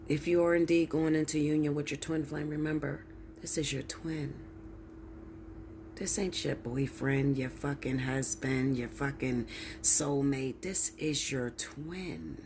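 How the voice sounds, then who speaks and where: A woman's voice: low-pitched, steady tone, measured pace, darkish tone, a little hiss or hum. A woman tarot reader ranting straight to her viewers, blunt, preachy and heavy with swearing. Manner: blunt, profane, emphatic, preachy. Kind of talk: ranting direct-to-camera monologue.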